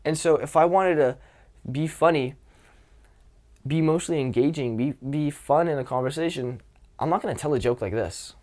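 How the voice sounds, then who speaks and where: A young man coaching social skills in a casual, expressive way, swearing freely. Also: on the high side.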